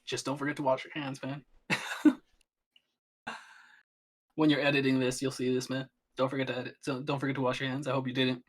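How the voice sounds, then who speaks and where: A man's voice: mid-range voice, level tone, fairly quick, long pauses. A young man chatting as a podcast guest, rambling with many restarts and fillers. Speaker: guest streamer. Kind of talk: casual podcast chat.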